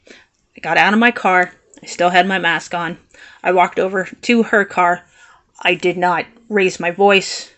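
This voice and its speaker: A woman telling a personal story to the camera in an animated, indignant and sarcastic way. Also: on the low side, unhurried. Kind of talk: storytelling vlog.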